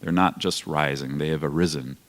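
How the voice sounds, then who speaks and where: A deep-voiced man in his forties talks earnestly on a panel, thinking aloud and restarting phrases. His voice rings out with the long reverb of a large hall. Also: steady tone, fairly quick. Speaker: panel speaker. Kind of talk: panel talk.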